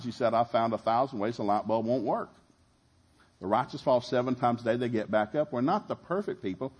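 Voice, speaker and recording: Middle-aged preacher, husky, fervent, plays out quoted voices. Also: male voice, medium pitch, a little mellow. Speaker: pastor. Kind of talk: sermon.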